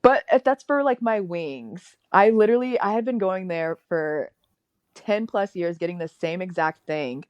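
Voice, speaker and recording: A young woman as a guest in a casual interview, upbeat and chatty and quick to laugh at herself. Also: lowish voice, expressive, dry recording, muffled recording.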